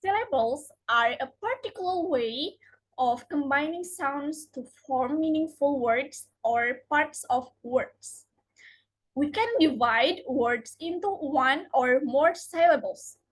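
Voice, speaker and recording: A young adult woman, a student presenter whose first language is Indonesian, reads a prepared English lesson aloud, carefully stressing each example word. Her voice sits high, she speaks slowly, and the audio is poor.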